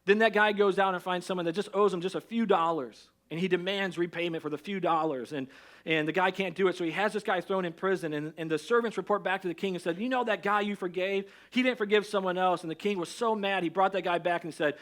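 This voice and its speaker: A middle-aged pastor preaches a sermon, his voice sitting a little high for a man. He talks quickly and tells his story in a lively, conversational way, often restarting his sentences.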